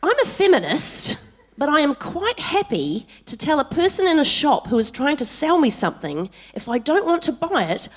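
A woman's voice: sits high, normal speed. A woman in her thirties, a podcast co-host telling a comic story live on stage, laughing as she goes. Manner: animated, laughing through her own story. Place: live stage in front of an audience.

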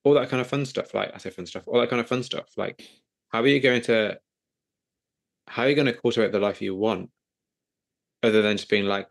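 Brief: male podcast host, quick and gravelly, loose self-correcting chat. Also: fairly low pitch. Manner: rambling, self-correcting, animated. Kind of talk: casual interview chat.

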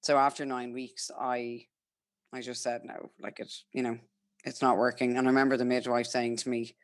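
A woman's voice: very deep voice, little pitch movement, moderate pace, dry recording, studio quality. A young Irish woman telling her own story frankly and chattily, quoting herself and others as she goes. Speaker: guest sharing her story. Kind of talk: candid personal storytelling.

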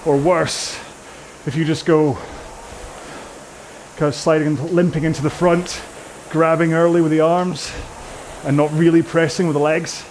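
A man's voice: fairly high pitch, little pitch movement, a little slow, a little mellow, slight background noise. A British man coaching a rowing workout indoors, chatting in a rambling, self-mocking way with jokey asides. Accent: British English.

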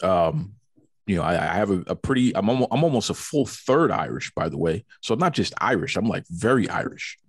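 Brief: male podcast host, lively, teasing banter, dry close sound. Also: on the low side, brisk, husky, no echo. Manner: jokey, teasing, playful banter. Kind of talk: casual interview chat. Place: home studio in Boston.

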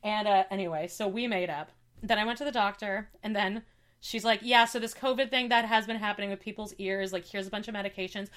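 A woman's voice: medium pitch, fast talker. A young woman chats casually on a podcast, telling a long personal story with lots of energy. She keeps acting out what other people said to her, with her voice jumping up and down between quotes. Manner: animated storytelling, acts out quoted dialogue. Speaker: podcast co-host. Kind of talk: casual chat.

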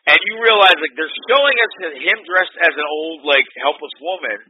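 A middle-aged man co-hosting a podcast, chatting casually and excitably, swearing often and acting out movie lines. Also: on the high side, normal speed, slightly rough, no echo. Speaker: podcast co-host. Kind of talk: casual profane chat. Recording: dull lo-fi podcast audio.

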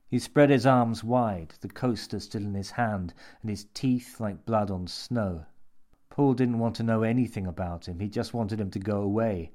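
A man narrating a horror story in a measured, dark manner. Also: on the low side.

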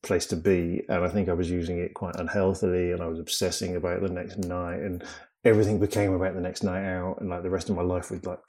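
Lower-voiced man telling stories animatedly. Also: quick pace. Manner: animated, laughing storyteller who acts out quoted dialogue. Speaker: guest comedian. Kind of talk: casual interview storytelling.

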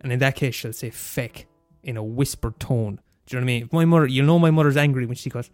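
A medium-pitched male voice races along very fast: a twenty-something Irish student radio host swearing his way through a casual rant. Soft music plays behind a recording with no room sound.

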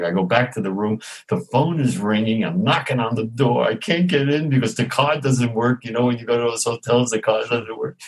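A middle-aged man, an actor guest telling an animated anecdote and acting out the voices in it. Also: medium pitch, brisk, hardly any pauses, slightly rough, low-quality recording. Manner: animated storyteller who acts out quoted voices. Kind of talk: storytelling anecdote.

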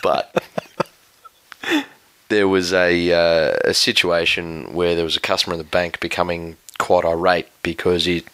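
A man with an Australian accent, telling a story in a dry, deadpan way on a casual podcast. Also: low voice, measured pace, smooth, dry recording. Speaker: podcast co-host. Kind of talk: casual chat.

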